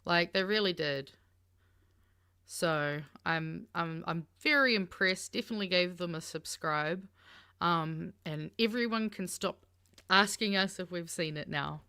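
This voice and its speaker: Brief: Kiwi woman co-host, bright tone, lively pitch, dry close sound, animated and sweary. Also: clean tone, dry recording. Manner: animated, sweary, quick laughs. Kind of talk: casual political chat.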